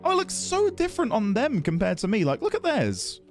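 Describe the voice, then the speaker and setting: Lively, chatty male streamer. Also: extremely high pitch, a little fast, soft background music. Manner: chatty, giggly, self-deprecating. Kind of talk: casual live-stream chat while gaming.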